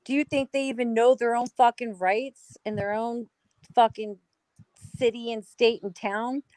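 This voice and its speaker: A woman's voice: on the high side, fairly even intonation, unhurried, darkish tone, no echo, rough recording. A woman from the United States, a guest in a heated casual talk, ranting angrily and swearing constantly. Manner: angry, profane ranting.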